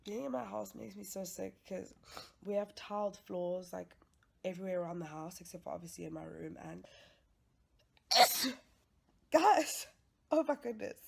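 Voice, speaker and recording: A woman's voice: medium pitch, normal speed, creaky, long pauses, breathy edge. A woman vlogging casually to her viewers, complaining about feeling sick. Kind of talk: casual vlog talking to viewers.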